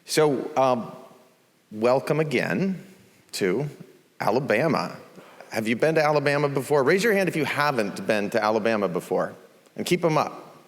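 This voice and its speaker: A man welcoming a conference audience from the stage in a relaxed, conversational way, with frequent ums. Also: mid-range voice, moderate pace. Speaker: CEO hosting a conference. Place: large conference venue stage. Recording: long reverb of a large conference hall.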